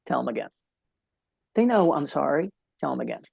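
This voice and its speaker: A man's voice: on the high side, very animated, fairly quick, vocal fry, a little mellow, husky, dry recording. A man speaking as a podcast guest, telling a heartfelt story in an earnest way and repeating key phrases for emphasis.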